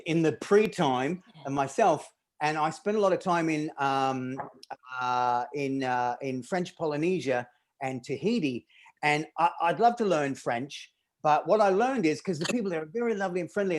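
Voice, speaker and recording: A man doing a stand-up comedy set, rambling and self-deprecating, often laughing at his own jokes. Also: a little high.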